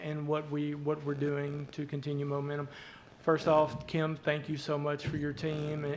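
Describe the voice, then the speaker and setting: A man with an Arkansas twang addresses a council meeting as a hospital CEO. His voice sits a little high and stays flat, and he keeps stopping to repeat words and fill gaps. He sounds to be in his forties. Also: slight background noise, poor audio. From southeast Arkansas. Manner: halting, many fillers and repeated words. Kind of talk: public remarks at a council meeting.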